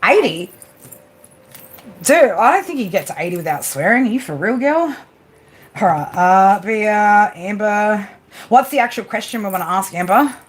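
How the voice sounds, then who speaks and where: A woman's voice: mid-range voice, expressive, moderate pace. Chatty woman hosting a live tarot stream. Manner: chatty, swears freely, talks to viewers and pets by name. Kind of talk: casual live-stream chat. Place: at home.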